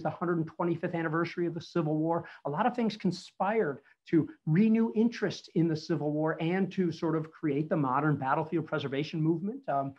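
A man in his fifties giving a casual online history talk on battlefield preservation, telling stories with lots of fillers. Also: on the high side. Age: 50s. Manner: chatty storytelling with frequent fillers. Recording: muffled lo-fi audio.

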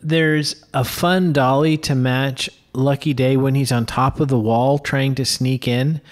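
A man's voice: mid-range voice, fairly even intonation, unhurried. Laughing man co-hosting a film podcast. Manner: laughs readily, thinks aloud with small restarts. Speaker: film podcast co-host and filmmaker. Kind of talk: casual film discussion chat.

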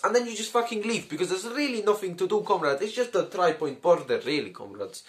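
High-voiced man hosting crude comic history. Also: lively intonation, quick pace, few pauses. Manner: crude, swears often, calls the audience comrades; mock communist commander persona. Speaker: comedy history video host. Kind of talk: comedic history commentary.

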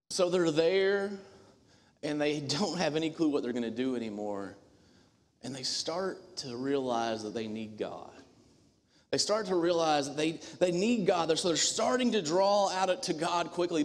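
A man preaching a sermon as the church's minister, earnest and emphatic, with dramatic pauses. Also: high voice. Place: church sanctuary. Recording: long hall reverb.

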